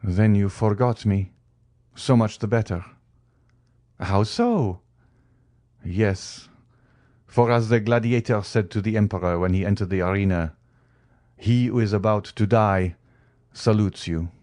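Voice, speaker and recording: A man's voice: fairly low pitch, measured pace, long pauses, mellow, dry recording, natural voice. Dude reading a sad young guy begging his friend, fervent, dry close sound. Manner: earnest, fervent. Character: Maximilian Morrel, grieving earnest young man.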